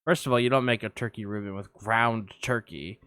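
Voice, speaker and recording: Bright, clear-voiced man telling stories. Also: lowish voice, steady tone, fairly quick, no echo, studio quality. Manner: rambling anecdote, many fillers. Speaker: podcast co-host. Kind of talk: casual film podcast chat.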